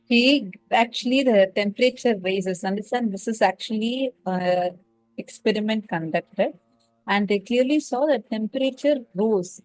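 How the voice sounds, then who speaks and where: A woman's voice: medium pitch, unhurried, darkish tone, dry recording, low-quality recording. A woman in an online spiritual lecture, explaining a study and stressing to her listeners that it really happened. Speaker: spiritual course instructor.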